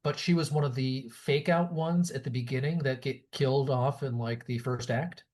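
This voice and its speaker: A man's voice: mid-range voice, moderate pace, darkish tone. A man co-hosting a podcast, chatting casually about a movie and often stumbling and restarting his sentences. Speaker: podcast co-host.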